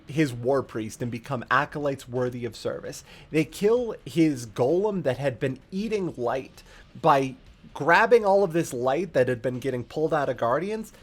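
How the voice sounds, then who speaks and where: Animated, profane storytelling streamer. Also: medium pitch. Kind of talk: casual storytelling recap.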